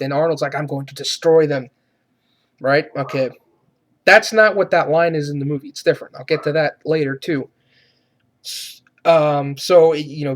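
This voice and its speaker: Sarcastic man ranting about a movie. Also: fairly high pitch. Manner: profane, sarcastic ranting with ironic laughs. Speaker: movie reviewer. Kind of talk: profane movie rant.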